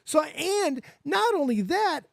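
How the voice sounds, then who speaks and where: Speaking slowly with vocal fry, a very high-voiced Las Vegas man in his forties hosts a livestream and spins a casual yarn. He's animated, swears frequently, and plays both parties in the dialogue, captured in clean studio sound without echo.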